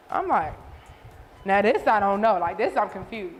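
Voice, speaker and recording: A woman interviewing a singer in casual chat, telling stories with lively, animated delivery. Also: mid-range voice, normal speed, big-room sound, faint music behind. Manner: animated storytelling, voices others. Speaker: interviewer and showcase host.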